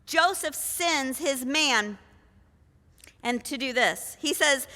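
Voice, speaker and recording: Lady preacher, high bright voice, slow easy delivery, chatty storytelling w lots of questions to the crowd. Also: animated, big-room sound. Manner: storytelling with frequent rhetorical questions. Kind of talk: conversational sermon. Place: church.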